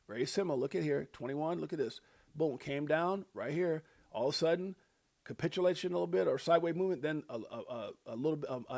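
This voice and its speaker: A middle-aged man hosting a casual crypto livestream, laid-back and chuckling, punctuating points with "facts" and "huh?". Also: a little high.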